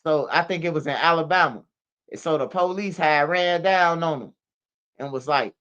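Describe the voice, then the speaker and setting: A man's voice: fairly high pitch, moderate pace, a bit bright, clean tone, dull audio. A man hosting a casual street news commentary stream, slangy and emphatic, ending lines with "bro" and "man". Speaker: commentary channel host. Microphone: streaming setup microphone.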